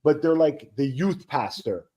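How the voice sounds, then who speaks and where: This man in his thirties, whose voice sits on the high side and sounds slightly rough, speaks a little slowly with the highs cut off. Hosting a casual live co-stream, he rambles through stories and acts out the people he quotes.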